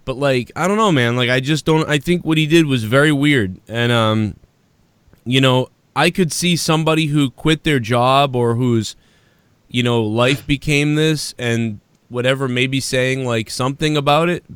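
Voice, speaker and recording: A man's voice: mid-range voice, moderate pace, a bit bright, clear, resonant tone, dry recording. A man hosting a podcast in casual chat, rambling and profane, with frequent restarts. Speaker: podcast host.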